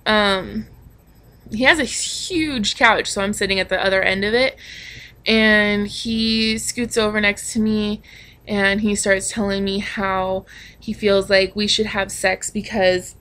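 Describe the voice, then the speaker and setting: Slow-talking young woman, frank storytime. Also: medium pitch, bright, forceful tone. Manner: frank and confessional, swears freely, many ums and likes. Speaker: vlogger. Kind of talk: candid storytime vlog.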